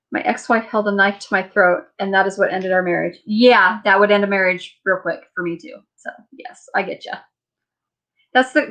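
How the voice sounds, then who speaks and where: A woman's voice: medium pitch, fairly bright tone. A tired woman hosting a long live chat from home, chatting and rambling as she reads viewer comments and laughs often. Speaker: livestream host.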